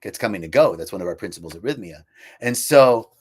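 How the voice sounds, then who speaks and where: A man's voice: on the low side, expressive, quick pace, breathy edge. A man hosting a live stream, telling a personal story in an earnest, reflective way and often correcting himself as he goes.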